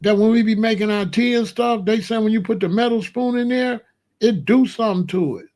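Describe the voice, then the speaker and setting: A man's voice: sits high, fairly quick. Slangy, emphatic man talking casually. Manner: slangy, emphatic, animated disbelief. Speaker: vlogger. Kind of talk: casual monologue to camera.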